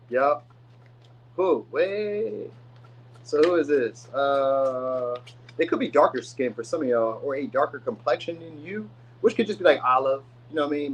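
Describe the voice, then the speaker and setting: A man's voice: mid-range voice, husky, rough recording. A man giving a casual, rambling tarot reading. He uses slang and often says "you know what I mean.". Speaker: tarot reader.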